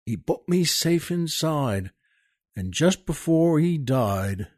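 A man's voice: fairly high pitch, takes it slowly, no echo, clean studio sound. A man hosting a show, chatting and giving a theatrical poetry recitation. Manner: theatrical, expressive delivery. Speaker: podcast host. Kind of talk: dramatic poetry recitation and casual chat.

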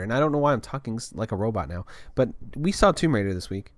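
A man's voice: fairly low pitch, expressive, fast, no echo. A young adult man hosting a podcast in a casual, rambling monologue full of fillers and restarts. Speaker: podcast host.

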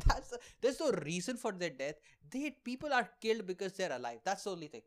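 A man's voice: high-pitched, sing-song, a little fast. A young man hosting a podcast, doing a rambling, sarcastic comic monologue and laughing at his own jokes. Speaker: podcast host and aspiring comedian.

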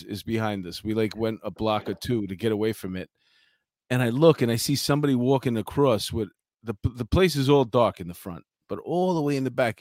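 A man's voice: lowish voice, no room sound, clean studio sound. A man, a former police officer co-hosting a casual chat and telling stories with laughs. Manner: animated storyteller, laughs through his anecdotes.

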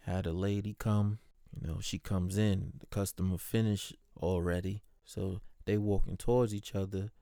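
Low, mellow-voiced man telling a workday story. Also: moderate pace, gravelly, no room sound, clean studio sound. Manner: animated, swears freely, mimics people he talks about. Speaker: postal clerk. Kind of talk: casual storytelling about his workday.

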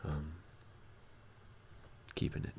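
A man's voice: drawn-out words, dark tone, a little hiss or hum. A man chatting casually as a guest on a podcast, laid-back and trailing off with fillers. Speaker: guest musician.

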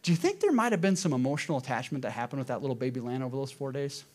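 A man preaching a sermon to his congregation, asking them questions and swinging between loud emphasis and hushed moments. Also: mid-range voice, big pitch swings, very fast. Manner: addresses congregation directly with questions. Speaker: pastor.

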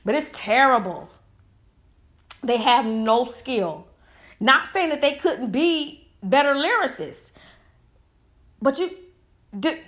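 A woman commentator with a high, fairly bright voice delivers a heated, emphatic opinion monologue packed with rhetorical questions.

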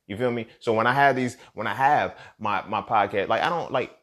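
A young man hosting a solo podcast, rambling and sarcastic, with plenty of swearing and pitch swings between loud outbursts and low mutters. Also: brisk. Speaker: podcast host. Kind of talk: casual solo podcast rant.

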